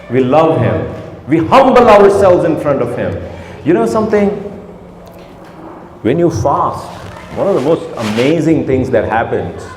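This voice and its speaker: A man giving a religious talk to a gathering, asking repeated rhetorical questions and dropping to soft tones. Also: fairly high pitch, slight background noise. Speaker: speaker at a community iftar gathering. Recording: echoey hall with faint ambience.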